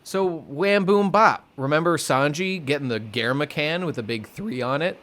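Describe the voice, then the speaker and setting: A man co-hosting a podcast, chatting casually and excitably about a manga chapter with playful asides. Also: a little high, normal speed. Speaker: podcast co-host.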